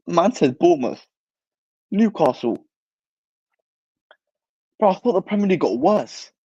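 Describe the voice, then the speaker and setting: A man's voice: high voice, lively intonation, a little slow, a little mellow, slightly rough, dull audio. A young man hosting a football channel, chatting casually and reacting animatedly to live comments in slang. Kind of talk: casual livestream chat.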